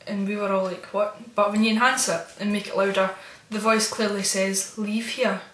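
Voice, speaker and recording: Woman vlogger, mid-pitched, chatty and meandering, soft spooked asides; recorded with roomy echo. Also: flat delivery, fairly quick. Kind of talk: casual storytelling vlog.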